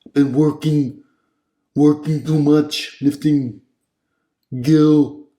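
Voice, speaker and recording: A man's voice: on the high side, level tone, takes it slowly, dark tone, echoey room, pitched above the performer's own voice. A man putting on a clumsy impression of a famous muscle-bound action-hero, barking commands with a shaky imitation accent. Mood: barking urgent.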